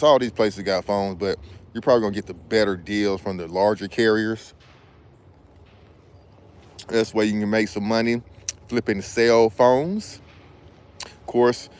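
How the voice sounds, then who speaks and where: A man's voice: fairly low pitch, a little hiss or hum. A man who is a business credit consultant, talking in a casual, slangy, rambling way while vlogging outdoors. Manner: laid-back, slangy, rambling delivery. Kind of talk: casual outdoor vlog chat. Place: outdoors in a backyard hammock. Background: faint outdoor ambience with passing planes.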